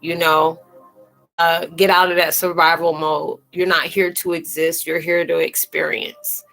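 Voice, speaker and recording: A woman's voice: sits low, level tone, unhurried, creaky, fairly bright tone, soft background music, low-quality recording. Tearful woman hosting a spiritual live chat. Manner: emotional and earnest, addressing viewers by name; colloquial, fillers and restarts, calls listeners sweetie. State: close to tears. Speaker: live-stream host and spiritual reader.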